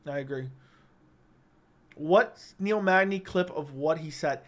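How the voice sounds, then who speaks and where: A man's voice: a little high, slow, fairly bright tone. A young man hosting a casual livestream, reading viewer comments and giving blunt, opinionated verdicts into a studio microphone.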